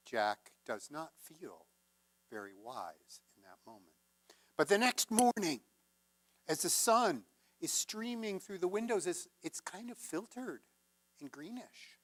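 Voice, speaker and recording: A male minister telling a folk tale in a sermon, measured and gently conversational. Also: a little high, expressive. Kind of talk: sermon storytelling.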